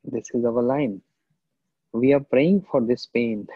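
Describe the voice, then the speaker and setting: A man delivers a slow, reflective devotional lecture, pausing often and quoting verses in an Indian language. His voice is husky and sits at a middle pitch. The sound is tinny and phone-like, with a dry, close feel. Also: no echo. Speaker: spiritual teacher.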